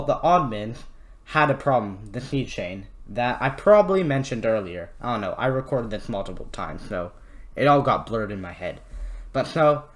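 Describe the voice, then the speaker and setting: A man hosting a casual history video, joking and swearing as he rambles. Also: mid-range voice. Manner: irreverent, jokey, swears, rambles with fillers. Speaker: history channel host.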